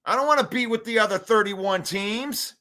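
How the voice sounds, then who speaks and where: A high, bright-voiced man hosts a live fan commentary stream. He talks in an animated, hyped way, reads chat comments aloud and laughs often. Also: moderate pace. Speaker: sports show host.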